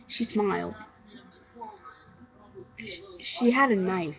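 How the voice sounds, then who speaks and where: A woman narrating a homemade horror story, halting and stammering with many restarts. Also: lowish voice, vocal fry, music in the background. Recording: dull lo-fi recording.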